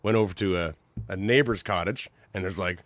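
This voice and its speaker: Here a low-pitched male podcast co-host talks at a brisk clip with no echo around him. His casual chat turns into lively storytelling as he voices the other people involved.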